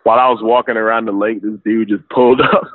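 A young man with a New York accent tells stories in a relaxed, profane way, full of street slang. His voice comes over a narrow, tinny line, like a phone call. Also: on the low side, fast, no echo. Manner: profane, laid-back storytelling with slang. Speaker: guest. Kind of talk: casual interview.

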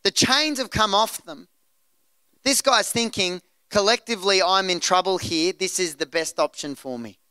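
A male pastor preaching a sermon in church, animated and acting out scenes. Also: sits high, moderate pace, clean tone, no echo. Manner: animated, acts out scenes in voices.

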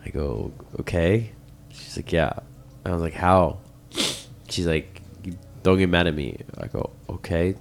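Animated young man telling a story. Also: low-pitched, a little slow, gravelly, a little hiss or hum. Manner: animated, laughing, profane, mimics his mother. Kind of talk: casual chat, storytelling.

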